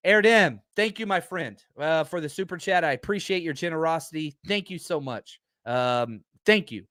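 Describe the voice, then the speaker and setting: A man's voice: high-pitched, a bit bright, dry recording, clean studio sound. A man hosting a live sports podcast, ranting in a heated, emphatic way and repeating his points. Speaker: podcast host. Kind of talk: fired-up live show rant.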